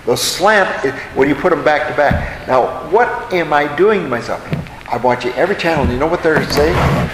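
Man, higher voice, Bible study teacher, conversational, asks the room questions, echoey hall. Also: expressive, moderate pace, noisy background.

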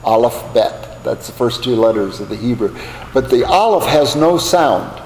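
A man's voice: medium pitch, lively intonation, moderate pace, a little mellow. An older man from the United States giving a Bible class lecture, telling stories in a folksy way with asides. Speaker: Bible teacher. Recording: echoey hall, faint background hum.

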